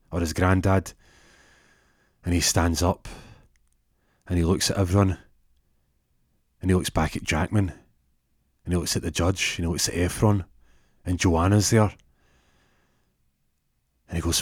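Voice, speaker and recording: A man's voice: low-pitched, darkish tone, no room sound, studio quality. A man telling an absurd comic story in a rambling way, full of stumbles and restarts. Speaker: comedic storyteller.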